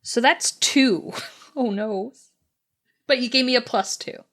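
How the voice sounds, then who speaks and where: A woman's voice: a little high, slow, fairly bright tone. A woman playing a tabletop game, speaking hesitantly with many ums. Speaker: player.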